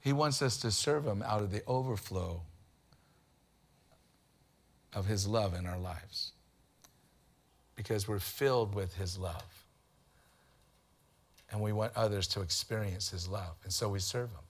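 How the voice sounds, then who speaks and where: A man's voice: lowish voice, a little slow, long pauses. A man, preaching a sermon in a conversational style with humorous anecdotes. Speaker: pastor.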